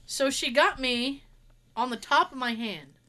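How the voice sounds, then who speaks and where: Woman, high voice, casual storytelling, animated, swears freely. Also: unhurried, slight background noise. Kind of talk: casual anecdote telling.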